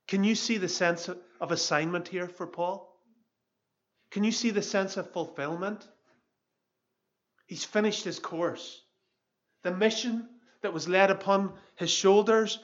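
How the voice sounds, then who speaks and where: A man's voice: high-pitched, unhurried, long pauses, lo-fi sound. A pastor in his fifties preaching an earnest, emphatic sermon. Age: 50s.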